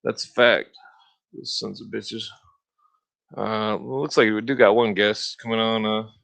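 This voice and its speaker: A man's voice: fairly low pitch, steady tone, a little slow, fairly bright tone. Profane rambling man ranting on a podcast. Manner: profane, meandering, full of filler and throat-clearing; mocking sneer when imitating opponents. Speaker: podcast host. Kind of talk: rambling solo rant.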